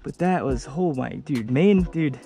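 Excitable young man fishing outdoors. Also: fairly high pitch, a little slow, gravelly, over music. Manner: excitable, exclaims often. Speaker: fishing vlogger. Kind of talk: casual outdoor fishing vlog.

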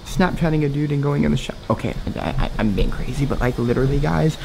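A young man talking straight to his viewers in a hushed vlog, often dropping to a whisper, recorded indoors in a house. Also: a little high, fast, gravelly, noisy background. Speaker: vlogger.

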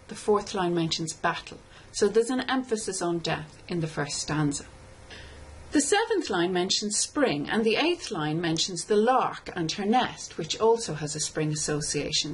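A woman lecturer giving a scripted tutorial, explaining step by step in a measured way and reading lines of verse slowly. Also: fairly low pitch, slight background noise, poor audio. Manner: measured, explanatory, reads poem aloud slowly. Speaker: literature lecturer.

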